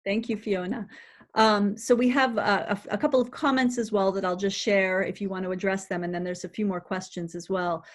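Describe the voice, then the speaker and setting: A woman moderates a webinar and reads out questions from the audience. She is polite and a little hesitant, thanking the speaker and pausing on "uh" as she goes. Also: mid-range voice, steady tone. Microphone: video call.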